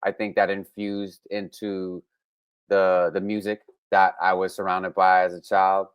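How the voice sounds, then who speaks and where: A man's voice: deep voice, unhurried, clear, resonant tone, no echo, muffled recording. A young man from Brooklyn, a musician being interviewed, talking casually with lots of fillers and restarts. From Brooklyn, New York. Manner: relaxed, with frequent fillers and restarts. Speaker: musician guest.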